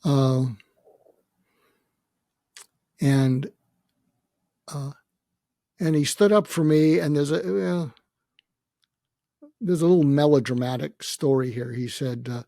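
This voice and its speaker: An older man, a podcast guest, telling a personal story reflectively, pausing often and quoting what others said. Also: a little high, gravelly, mellow, no room sound, clean studio sound. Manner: reflective, with many hesitations and quoted dialogue. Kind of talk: storytelling in a conversation.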